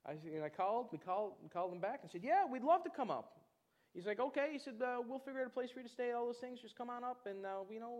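A man preaching, telling a personal testimony in an animated storytelling way and acting out other people's voices. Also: high voice. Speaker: pastor. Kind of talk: testimony in a church sermon.

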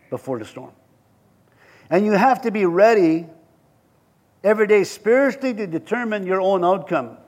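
A male pastor preaching a sermon in a church, animated and joking, acting out scenes and laughing with the congregation. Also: sits high.

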